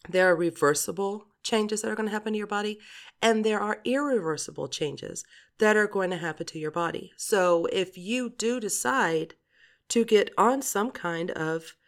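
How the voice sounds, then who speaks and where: A woman in her forties hosting a podcast, talking in a chatty, rambling monologue, laughing often and swearing casually. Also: mid-range voice. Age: 40s. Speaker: podcast host.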